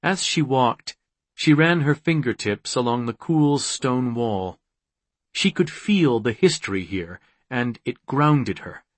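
A man reads novel narration in a measured, unhurried way. His voice sits at a middle pitch and moves slowly. The recording is dry and close with no room sound. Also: lively intonation, no room sound. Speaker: audiobook narrator. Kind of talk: scripted narration.

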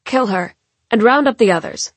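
A woman's voice: fairly high pitch, lively intonation, moderate pace, husky, no room sound, pitched above the performer's own voice. A woman reading an audiobook, voicing a cold, cruel female chief who speaks with scorn and mockery. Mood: scornful. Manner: scornful, icy and mocking.

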